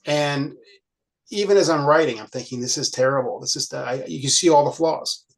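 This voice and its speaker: A man's voice: on the high side, brisk, vocal fry, low-quality recording. A man hosting a podcast, talking casually and thinking aloud about his own writing as an author. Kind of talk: casual chat.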